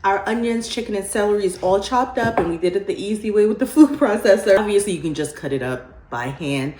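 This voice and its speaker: A woman's voice: medium pitch, expressive, fairly quick. Middle-aged woman, homey cooking vlogger, easy chatter in a roomy kitchen with clattering noise behind. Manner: chatty, homey, laughs often, says "y'all" and "child". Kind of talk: casual cooking tutorial. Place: home kitchen. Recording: roomy kitchen echo, clear background noise.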